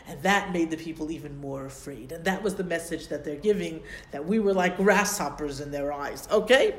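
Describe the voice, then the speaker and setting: A woman teaching a classroom Bible lesson, explaining step by step, translating Hebrew terms as she goes and pausing to search her notes. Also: sits low.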